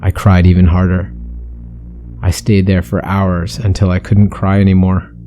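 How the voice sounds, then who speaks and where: Deep dark-voiced man narrating horror. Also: monotone, normal speed, faint music behind. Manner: intense, brooding first-person storytelling.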